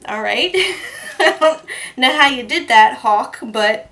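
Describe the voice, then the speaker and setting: A woman's voice: sits high, lively intonation, takes it slowly, a bit bright, faint music behind. A woman soap maker chatting casually as she works, laughing now and then through her stories. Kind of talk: casual crafting vlog narration.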